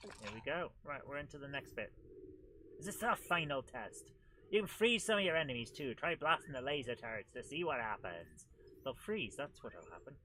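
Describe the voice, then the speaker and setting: A man hosting a retro gaming show, giving chatty, excitable commentary while he plays. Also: medium pitch, moderate pace, noisy background. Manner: chatty and excitable, with frequent laughs and exclamations. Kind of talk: live gameplay commentary.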